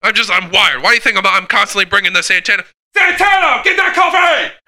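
A man's voice: high voice, steady tone, racing, bright, forceful tone, full character voice. A man playing a wired, foul-mouthed Santa Claus who rambles and stammers in an improvised comedy sketch. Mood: manic. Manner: rambling, swearing, stammering, hyper.

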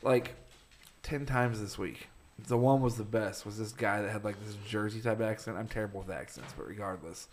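A man's voice: fairly low pitch, fairly even intonation, moderate pace, slight background noise. A man co-hosting a casual podcast chat, telling a work story about phone calls and laughing as he acts out the callers. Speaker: podcast co-host; phone support worker.

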